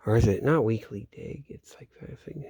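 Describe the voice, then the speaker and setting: A man's voice: on the low side, normal speed, mellow, husky, dry recording, studio quality. A man vlogging in a meandering, profane casual monologue, often trailing off and restarting sentences. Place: home in Florida, at night.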